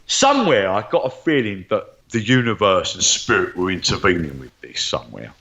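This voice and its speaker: A man chats as an interview guest, spinning lively anecdotes with a low, swooping voice that leaps up when he mimics others. The sound is a little dull and lo-fi. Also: a little fast. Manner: animated, acts out quoted voices. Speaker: guest psychic medium. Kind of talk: storytelling interview chat.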